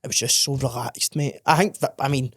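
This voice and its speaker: A man's voice: mid-range voice, fairly even intonation, no echo, studio quality. A man with a Scottish accent co-hosting a podcast, bantering and swearing with his mate in casual chat. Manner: banterish, sweary, quick to laugh, says mate and aye. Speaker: podcast co-host.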